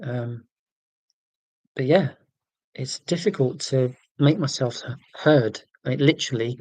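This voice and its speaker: A man in his forties with an English accent from near London, hosting a casual livestream and answering viewer comments in a monotone, deliberately clear way. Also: medium pitch, dry recording, rough recording. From England, near London. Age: 40s. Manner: monotone, careful and deliberate about being clear. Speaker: livestream host.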